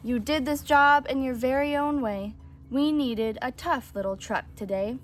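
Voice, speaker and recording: A woman reading aloud and voicing a kind, friendly female school bus, gentle and reassuring. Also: sits high, unhurried, a little hiss or hum. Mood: praising.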